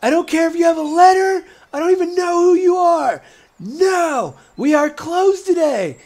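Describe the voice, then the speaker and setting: A man voicing a grumpy female gnome inventor who shouts and turns visitors away. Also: extremely high pitch, lively intonation, normal speed, pitched above the performer's own voice. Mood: hostile. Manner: shouting, dismissive.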